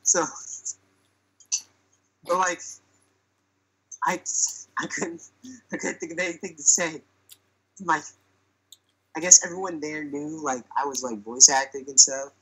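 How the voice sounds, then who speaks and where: A young man tells a comic anecdote on a podcast in a loose, chatty way, full of fillers. His voice is bright and has a husky edge, and he acts out the lines he quotes. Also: on the high side, flat delivery, unhurried, pauses often, poor audio. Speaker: podcast storyteller. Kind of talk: casual comic storytelling.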